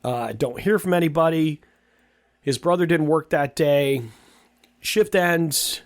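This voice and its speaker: A man's voice: fairly high pitch, a little slow, no echo, studio quality. A man in his fifties, a podcast host telling a personal story in a casual, rambling way, with many restarts and repeated words. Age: 50s.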